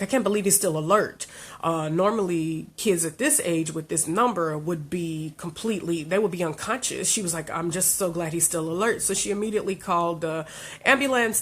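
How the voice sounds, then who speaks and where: A woman life coach telling a personal story to camera, earnest and heartfelt, her voice climbing high when she relives her frustration.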